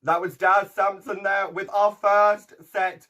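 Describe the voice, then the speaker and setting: A man's voice: sits high, flat delivery, unhurried, pushed and bright. A man hosting a live contest show, camp and theatrical as he links segments. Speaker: host.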